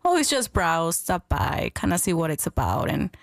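A woman's voice: fairly low pitch, wildly swooping pitch, moderate pace, creaky, no echo. Friendly woman guest, dry studio sound. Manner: friendly, informative, laughs easily. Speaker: library staff guest. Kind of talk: casual radio interview.

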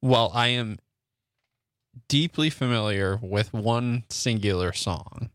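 A man's voice: medium pitch, slow pace, fairly bright tone, no room sound, studio quality. A young man co-hosting a radio show, chatting in a laid-back, slightly hesitant way. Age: young adult. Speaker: radio co-host. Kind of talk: casual radio chat. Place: radio studio. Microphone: studio microphone.

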